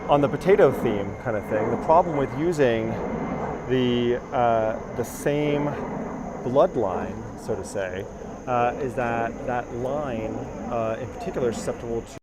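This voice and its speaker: A man's voice: mid-range voice, a little slow. A man guiding a live-streamed garden walking tour outdoors, chatting casually and reading viewer comments aloud. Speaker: tour guide. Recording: outdoor live stream with clear background noise.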